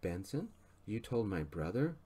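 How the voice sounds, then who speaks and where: A man voicing a hysterical young bride who throws a tantrum, in a soft-spoken storybook reading. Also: very animated, a little slow, slightly rough, full character voice. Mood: wailing. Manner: shrill, whiny wailing.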